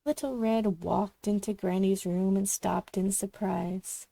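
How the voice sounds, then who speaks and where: A woman reading a children's storybook aloud, expressive as she narrates. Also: medium pitch, unhurried, creaky, few pauses, no echo.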